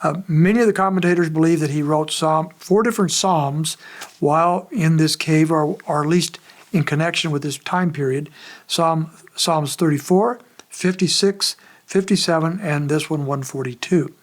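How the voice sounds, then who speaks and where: Man preaching with a raised pitch. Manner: conversational, measured preaching with frequent pauses. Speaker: pastor. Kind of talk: expository sermon.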